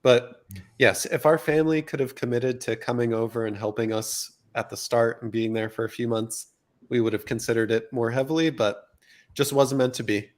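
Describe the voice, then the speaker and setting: A man in casual podcast chat who calls himself easily excitable and upbeat. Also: medium pitch, moderate pace.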